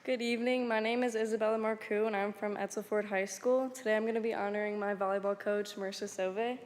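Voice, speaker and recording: A teenage girl reads a tribute in a steady, even tone with little rise and fall. Her voice is mid-range. A long hall reverb and faint background noise surround her. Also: medium pitch, quick pace, a faint crowd. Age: teens. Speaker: high school student honoring a coach. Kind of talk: prepared speech at a ceremony.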